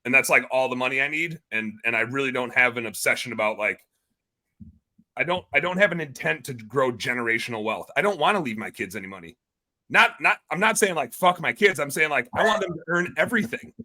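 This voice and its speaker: A man in his thirties, a guest entrepreneur on a podcast, talking in an energetic, excitable way and swearing casually. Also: medium pitch, fairly quick.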